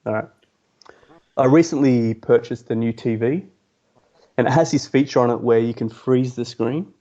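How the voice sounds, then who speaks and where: Deadpan man, dark muffled sound. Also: mid-range voice, normal speed. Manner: deadpan, setup-and-punchline delivery. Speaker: podcast co-host. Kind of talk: casual comedy podcast chat.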